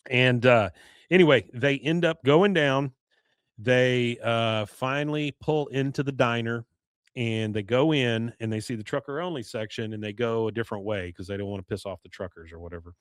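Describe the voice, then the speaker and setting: A man hosting a podcast, casually recapping an episode, rambling with fillers, coughs and a tiring, hoarse voice. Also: medium pitch, moderate pace, no room sound, clean studio sound. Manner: rambling retelling with many "uh"s, coughs and throat clearing. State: voice going hoarse. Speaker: podcast host.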